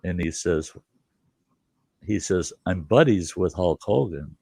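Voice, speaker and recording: A deep-voiced older man with a gravelly, creaky edge spins a folksy tale, chuckling as he goes. He acts out the other people in the story while he talks. The sound is dry and close, with no room echo. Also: lively intonation, slow pace, dark tone. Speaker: storyteller host. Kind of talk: casual spoken storytelling.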